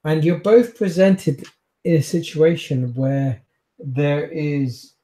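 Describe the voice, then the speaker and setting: A man's voice: a little high, slow, mellow. A man narrating as game master of a tabletop game, loose and rambling with many fillers.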